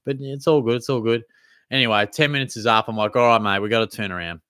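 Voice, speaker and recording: A young Australian man chats casually as he answers viewer questions one after another. His voice sits at an ordinary pitch and sounds close and dry, with no room around it. He talks in an easygoing, slangy way. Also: fairly even intonation, quick pace, pushed and bright, clear, resonant tone, no echo. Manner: laid-back, chatty, slangy. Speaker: host. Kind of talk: casual live Q&A chat.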